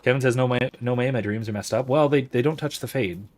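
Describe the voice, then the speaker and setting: A man's voice: mid-range voice, fast talker. A man hosting a let's-play, reading out chat and thinking aloud about the game's lore, often restarting his sentences. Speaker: host of a let's-play and discussion series. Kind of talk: livestream commentary while gaming, reading out chat.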